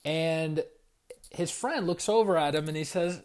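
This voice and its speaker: A man in his forties streams from home at night, chatting casually about spiritual growth. His voice sits slightly high, and he tells stories in an animated, meandering way, with restarts and quick shout-outs to viewers. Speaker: spiritual coach and livestream host. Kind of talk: casual livestream talk.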